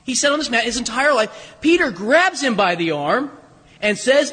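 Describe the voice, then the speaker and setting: A high, bright-toned man preaching a sermon, his voice slightly husky. He tells the story in a loose, conversational way with humor and frequent restarts. The sound rings with the long reverb of a church. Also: animated, moderate pace. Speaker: pastor. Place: church sanctuary.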